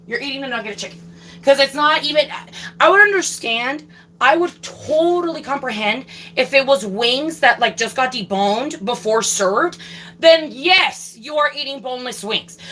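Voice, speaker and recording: A woman's voice: sits high, bright, forceful tone, a little hiss or hum, poor audio. A young woman ranting casually on a livestream, swearing a lot and repeating herself for emphasis.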